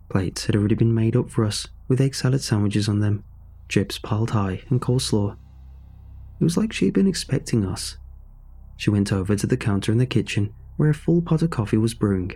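A man narrating a horror story in a measured, suspenseful way. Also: on the low side, animated, warm tone, slightly rough.

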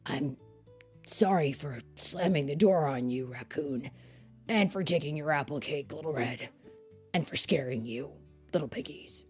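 A woman doing a hesitant, soft-spoken wolf. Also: deep voice, measured pace, soft background music, pitched below the performer's own voice. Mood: apologetic. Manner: soft, hesitant, often whispered. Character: big hungry male wolf, gentle and unsure.

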